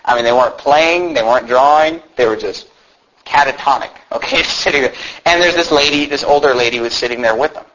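A man's voice: mid-range voice, fairly quick, fairly bright tone. A man preaching a sermon, telling a story in an earnest, conversational way, often restarting and adding asides. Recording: muffled lo-fi recording.

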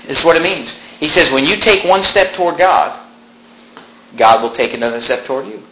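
A man preaching a sermon as pastor, emphatic, swinging between loud peaks and quiet drops. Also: fairly high pitch, animated, brisk, a little hiss or hum, poor audio.

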